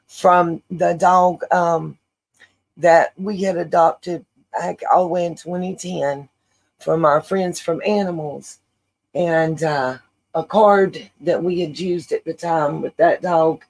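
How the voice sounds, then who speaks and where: Middle-aged woman, livestream host; gravelly, rambling, chatty, lots of fillers. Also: on the low side, darkish tone, poor audio. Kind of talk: casual livestream chat.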